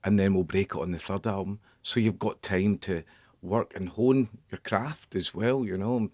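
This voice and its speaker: Deep-voiced Scottish man, rambling. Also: darkish tone, dry recording, clean studio sound. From Scotland. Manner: rambling, halting, many restarts and fillers. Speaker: band member guest. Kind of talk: casual radio interview. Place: radio studio.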